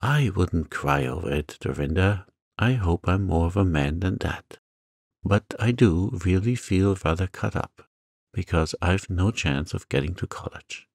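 Man reading as proud teen boy trying not to be sad, deep slow raspy voice. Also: animated, a little mellow, no room sound, studio quality, heavily acted. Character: proud, downcast teenage boy.

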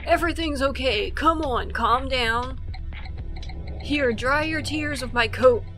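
A woman voicing a gentle, fatherly tall man in a game who soothes a crying child. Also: high-pitched, slow, soft background music. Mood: soothing.

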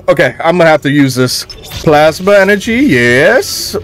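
A young man giving loud, excitable, profane live commentary while playing a game on a headset, laughing often. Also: on the high side, normal speed. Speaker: gaming streamer.

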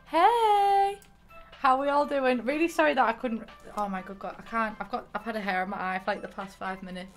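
A woman's voice: mid-range voice, quick pace. A woman streamer chatting casually at the end of a stream, tearful and emotional, rambling and poking fun at herself. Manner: chatty, self-mocking, rambling with restarts. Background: soft game music.

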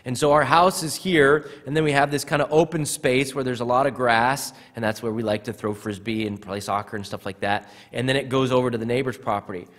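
A man's voice: mid-range voice, steady tone, brisk, hardly any pauses, fairly bright tone. A man preaching a sermon as pastor, earnest, often repeating words as he starts a phrase. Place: church sanctuary. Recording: church hall reverb.

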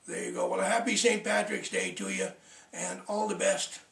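A man's voice: high-pitched, very animated, moderate pace, vocal fry, fairly bright tone. A man from Canada telling jokes to the camera in a folksy way, laughing at his own punchlines. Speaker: comedian. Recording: roomy, from off the mic.

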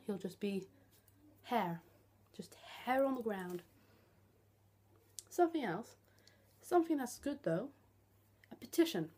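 A woman's voice: high-pitched, lively intonation, a little slow, pauses often, mellow. A young woman, ranting bluntly and sarcastically in a vlog, swearing freely. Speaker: vlogger.

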